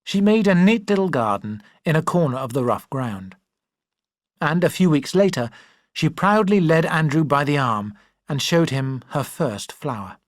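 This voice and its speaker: An expressive audiobook reader narrating a classic novel, the pitch rising and falling in a lively way. Recorded on a close mic, the sound is dry with no room around it. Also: measured pace, no echo. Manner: expressive, shifting voices for characters.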